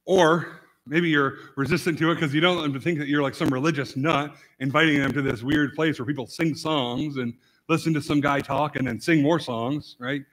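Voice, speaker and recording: A man preaching a casual, conversational sermon as pastor, rambling with many restarts and swinging from quiet asides to sudden loud emphasis. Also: fairly high pitch, steady tone, moderate pace. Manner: rambling, repeats words and restarts often, fillers like "like" and "right?".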